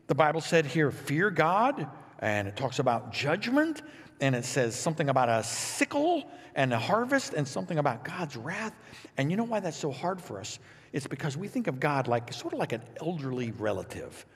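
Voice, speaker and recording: A man preaching a sermon as pastor, animated and playful, reading scripture with lively asides. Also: high-pitched, normal speed, husky, big-room sound.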